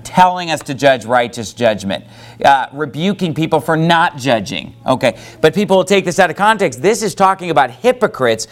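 A man's voice: fairly high pitch, animated, moderate pace. A man preaching a sermon who reads scripture aloud and breaks into casual asides. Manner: preaching with rising emphasis, reads scripture in King James wording; conversational asides with fillers. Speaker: pastor.

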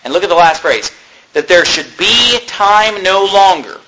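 A male pastor preaching a sermon, impassioned and animated, with mocking asides. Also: sits high, unhurried, low-quality recording.

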